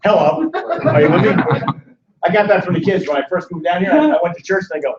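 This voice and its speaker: A man in his sixties, with a voice high for a man, talks fast while running a lively financial sales seminar, joking and firing questions at the audience. The recording sounds dull and echoey, captured by a distant mic across the room, with a loud crowd present.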